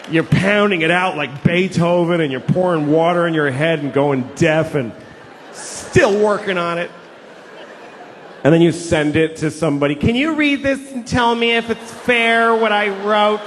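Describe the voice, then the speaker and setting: A man doing a stand-up comedy routine with an animated, profane, exasperated delivery. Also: a little high, a little hiss or hum. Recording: reverberant hall, faint ambience.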